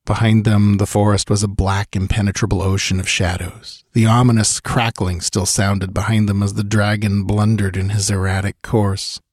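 Low-voiced male audiobook narrator. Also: flat delivery, moderate pace, hardly any pauses, darkish tone, no echo, clean studio sound.

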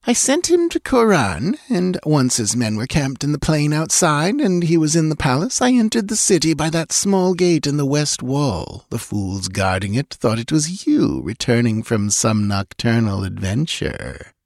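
A man's voice: fairly high pitch, sing-song, unhurried, few pauses, no echo, studio quality, voice pushed up. A man doing a gloating young witch woman. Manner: cold, mocking, commanding.

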